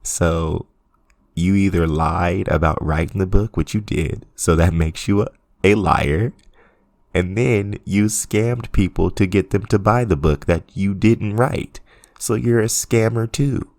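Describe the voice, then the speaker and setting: A man's voice: low-pitched, a little slow, gravelly, darkish tone, dry recording, clean studio sound. A man hosting a commentary channel, ranting sarcastically with frequent laughs and swearing. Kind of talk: casual commentary rant.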